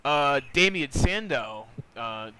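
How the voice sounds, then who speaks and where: A man's voice: on the high side, animated, slow, noisy background. A young man hosting a podcast, rambling loosely through news in a casual, joking chat. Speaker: podcast host.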